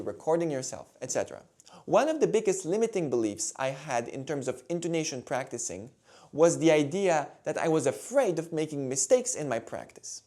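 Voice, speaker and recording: A man teaching violin intonation in a calm, clear, demonstrative way. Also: a little high. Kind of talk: instructional video talk.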